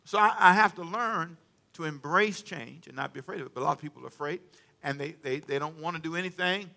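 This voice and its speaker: Bright-voiced man preaching with call-and-response. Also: a little high, quick pace, gravelly. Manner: call-and-response preaching, dramatic swings in volume. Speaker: pastor. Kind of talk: sermon. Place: church sanctuary with congregation.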